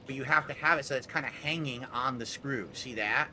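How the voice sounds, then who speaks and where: A man with a medium-pitched, bright, forceful voice speaks fairly quickly as he livestreams from his room at home, where foam soundproofing lines the wall. He chats casually with viewers and thinks aloud while working on a hands-on task, with a little hiss or hum audible.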